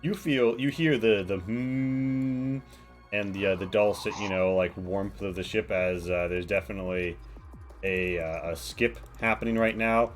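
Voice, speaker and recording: A man's voice: lowish voice, a little slow, faint music behind. A man narrating as game master of a tabletop game, rambling with many fillers.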